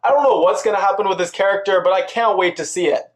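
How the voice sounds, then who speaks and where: A man giving a casual spoken recap and review of a TV episode, chatty and quick to act out the characters' lines. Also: high-pitched, reverberant. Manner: chatty, quotes characters in quick put-on voices.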